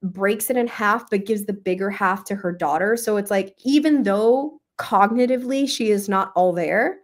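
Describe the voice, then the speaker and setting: A young woman hosting a book club, talking casually and emotionally about a novel, with many fillers and pauses to think. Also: medium pitch. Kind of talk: casual book review livestream.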